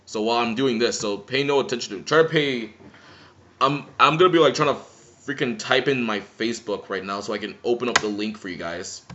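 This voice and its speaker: A man's voice: mid-range voice, brisk, a bit bright, a little hiss or hum. A man ranting sarcastically and profanely in a seated commentary vlog, filmed indoors on a camera mic. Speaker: vlogger. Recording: roomy, dull lo-fi sound.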